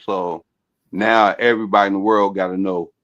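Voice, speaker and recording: A man's voice: sits low, steady tone, moderate pace, fairly bright tone, no echo. A man on a panel chat, laid-back and slangy in how he talks. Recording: dull lo-fi sound.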